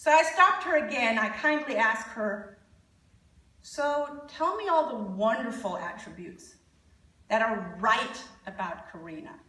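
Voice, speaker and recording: Lively woman speaking in an echoey hall. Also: a little high, measured pace, distant mic. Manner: animated storyteller, quoting parents and joking with the audience. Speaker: conference speaker and parent coach. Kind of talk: conference talk with anecdotes. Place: conference hall.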